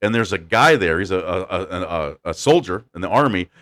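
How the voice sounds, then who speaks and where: Animated man telling a story. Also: deep voice. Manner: animated, laughing storyteller doing quick voices. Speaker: podcast host. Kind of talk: casual storytelling chat.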